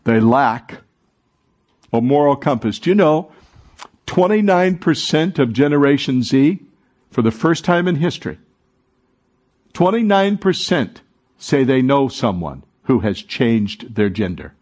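A man's voice: medium pitch, animated, a little slow, pauses often, a little mellow. A man preaching a sermon as pastor, calling on the congregation to answer and repeat after him. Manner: preaching, calls for congregation responses. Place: church sanctuary.

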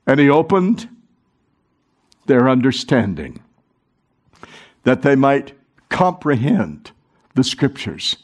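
A middle-aged man preaching a sermon, animated and urging the congregation to join in. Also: medium pitch, slow, pauses often. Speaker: pastor.

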